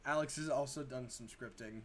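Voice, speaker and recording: A woman's voice: extremely low pitch, brisk, faint music behind. A woman hosting a live art stream, chatting casually, laughing, swearing and reading out viewer comments. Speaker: stream host.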